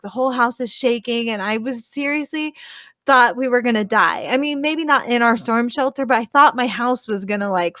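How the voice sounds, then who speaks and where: A woman's voice: fairly high pitch, fairly bright tone, no echo, studio quality. A woman in her thirties telling a story in casual chat, rambling, swearing and filling her talk with "like.". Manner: rambling, profane, full of "like" fillers.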